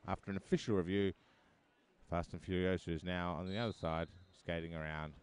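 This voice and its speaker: A man's voice: low-pitched, fairly even intonation, a little fast, clean tone. Joking male derby commentator. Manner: chatty, joking asides. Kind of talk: live sports commentary.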